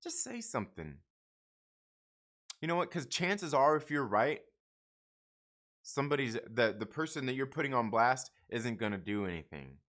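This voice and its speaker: Middle-aged guy ranting on a livestream from home, bright edgy voice, blunt and sweary, keeps restarting. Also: medium pitch, very animated, normal speed, pauses often. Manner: blunt, rambling, profane, restarts often. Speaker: comic book channel host. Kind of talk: casual livestream rant.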